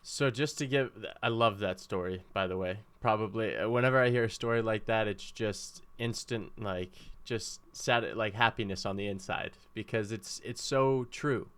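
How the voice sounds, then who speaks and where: A man's voice: fairly low pitch, moderate pace, few pauses, a bit bright, smooth. A man who is a guest on a podcast, talking earnestly and reflectively about his own spiritual path. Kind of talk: casual conversation, personal story.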